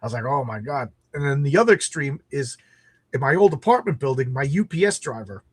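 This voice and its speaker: Brisk and mid-pitched with a breathy edge, a middle-aged podcast host leads a relaxed conversation, no echo present. He spins stories lively, voicing the quotes as he goes.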